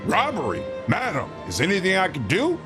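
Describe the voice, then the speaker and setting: A man voicing a formal, courtly gentleman adventurer, reading game dialogue aloud. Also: sits high, huge pitch swings, a little fast. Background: game music.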